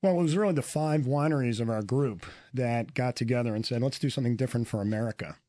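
Mellow-voiced male wine salesman. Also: mid-range voice, quick pace, no room sound, studio quality. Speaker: wine sales director guest. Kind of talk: casual radio chat.

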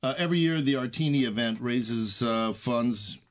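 A man's voice: medium pitch, normal speed. A man co-hosting a radio food show, joking and teasing his co-host as he talks. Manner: wisecracking, teasing.

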